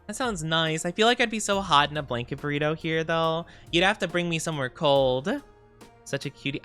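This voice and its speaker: Bubbly streamer, casual chat with viewers, giggly and rambling, smooth clear voice, faint music behind. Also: mid-range voice, moderate pace, a bit bright. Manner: bubbly, giggly, playful, rambling with many fillers. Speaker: VTuber streamer.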